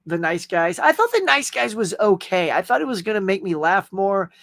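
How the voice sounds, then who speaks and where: A man's voice: high voice, big pitch swings, moderate pace, creaky, a bit bright, no echo. A man hosting a casual live chat show, rambling in a friendly, talkative way as he answers viewer comments. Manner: rambling, chatty, friendly, with frequent fillers and laughs. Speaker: host.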